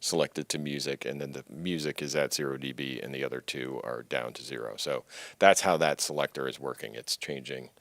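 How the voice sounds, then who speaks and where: A man with an extremely deep, low voice explains audio routing in a steady, practical manner. The sound is dry and close, with no room echo. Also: a little fast, few pauses. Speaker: co-presenter. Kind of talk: technical explanation.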